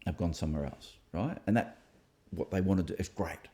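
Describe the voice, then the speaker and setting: A man with a low voice talks through his own ideas in a relaxed conversation. He is reflective and thinks aloud, pausing on fillers and starting sentences over as he goes. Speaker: author and host. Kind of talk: casual discussion.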